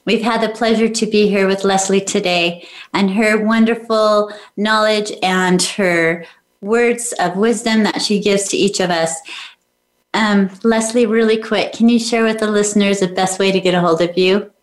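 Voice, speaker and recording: A woman's voice: mid-range voice, steady tone, moderate pace, reverberant. A middle-aged woman hosting a motivational podcast, encouraging listeners with direct questions. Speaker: podcast host.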